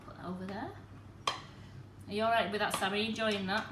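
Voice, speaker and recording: Woman, mid pitch, talks viewers through a live cooking demo in an echoey kitchen with faint background hum. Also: flat delivery, brisk. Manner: chatty, explains step by step to viewers. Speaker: cooking demonstrator and host.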